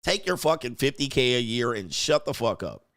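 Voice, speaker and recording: A man's voice: medium pitch, very animated, moderate pace, fairly bright tone, no room sound, studio quality. A man hosting a livestream, ranting with constant swearing and mocking asides, reading chat messages aloud. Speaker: livestream host. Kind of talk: profane ranting commentary.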